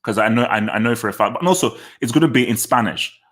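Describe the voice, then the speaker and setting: A man's voice: medium pitch, fast, fairly bright tone. A man hosting a football channel, giving live reaction commentary in a casual way, repeating short phrases and restarting his sentences. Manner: thinks aloud and restarts sentences.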